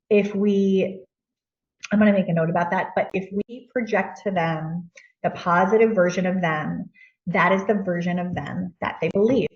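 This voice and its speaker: A woman's voice: on the low side, moderate pace. A woman giving a casual teaching talk to parents, speaking conversationally with loose fillers. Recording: echoey room, distant mic, dull lo-fi.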